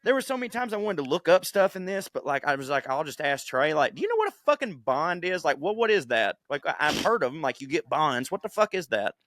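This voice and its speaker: Bright-voiced profane male podcast storyteller. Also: on the high side, fast, few pauses, dry recording. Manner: animated storyteller, profane, voices quotes in funny put-on tones. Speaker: podcast co-host. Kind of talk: casual chat.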